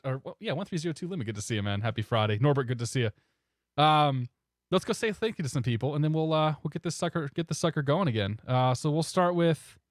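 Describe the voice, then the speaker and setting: A man streaming a flight simulator, chatting casually and in a relaxed way with viewers, often chuckling. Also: medium pitch, dry recording, studio quality. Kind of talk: casual live-stream chat.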